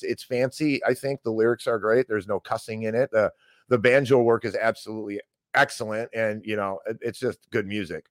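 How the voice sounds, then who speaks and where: A man's voice: mid-range voice, no room sound. A man hosting a live podcast in a casual, heated and rambling way, often restarting his sentences in a folksy style. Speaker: podcast host. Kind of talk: casual ranting live stream commentary.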